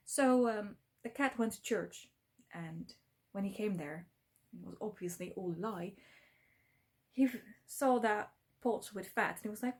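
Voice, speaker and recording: A woman's voice: mid-range voice, unhurried. Casual woman storyteller, mid-range voice, loose and conversational. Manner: chatty and informal, with many fillers. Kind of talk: casual folktale retelling.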